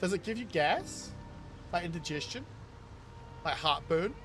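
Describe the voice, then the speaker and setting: Kiwi male streamer, high bright voice, chatty chat-reader, faint music under. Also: animated, measured pace. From New Zealand. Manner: reads chat aloud and riffs on it, laughing often. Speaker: gaming streamer. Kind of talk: casual live-stream chat.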